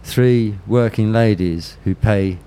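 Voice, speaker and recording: Man with birmingham accent, mellow low voice, blunt and sweary, faint hum behind. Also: takes it slowly. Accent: Birmingham English. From Birmingham, England. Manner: blunt and profane, restarts often. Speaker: interview guest. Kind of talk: candid storytelling.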